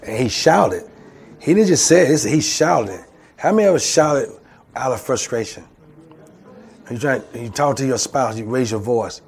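A man's voice: mid-range voice, animated, measured pace, creaky, a little mellow. A man preaching a sermon as pastor, calling out to the congregation and acting out voices. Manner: call-and-response preaching, acts out voices. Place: church.

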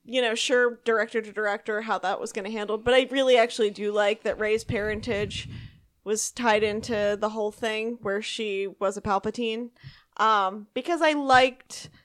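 A woman's voice: medium pitch, steady tone, moderate pace, fairly bright tone. A woman co-hosting a fan podcast, talking enthusiastically and agreeing with the others. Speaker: podcast co-host. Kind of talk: casual fan chat.

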